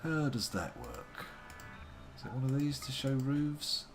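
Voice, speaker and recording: A man's voice: medium pitch, wildly swooping pitch, a little slow, very noisy. A man giving playful, wordy live commentary on a game he is playing, making theatrical asides to his chat. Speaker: live-streaming game player.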